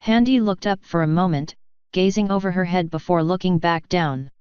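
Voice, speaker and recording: A woman reading fan fiction aloud in an even, measured audiobook narration. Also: fairly low pitch, smooth, dry recording, highs cut off. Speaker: fanfiction reader.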